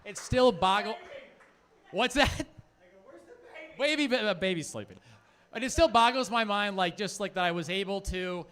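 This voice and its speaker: A man's voice: high-pitched, normal speed, pauses often, a bit bright, smooth. A man in his thirties from Phoenix, Arizona, performing a rambling, chatty stand-up set full of "like" fillers. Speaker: stand-up comedian.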